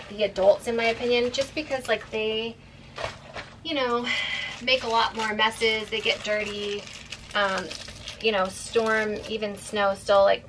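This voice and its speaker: A woman's voice: medium pitch, fairly bright tone, slight background noise. A woman vlogging casually from inside a motorhome, rambling with lots of fillers while showing things to the camera. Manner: chatty, rambling, with frequent fillers. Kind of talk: casual vlog chat.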